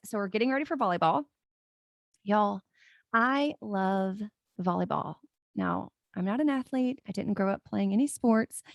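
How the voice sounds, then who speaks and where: A woman's voice: a little high, dry recording, clean studio sound. A woman, chatting casually as a podcast host and telling family stories with frequent laughter. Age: 40s. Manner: chatty and storytelling, laughing often. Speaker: podcast host, life coach. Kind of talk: casual solo podcast chat.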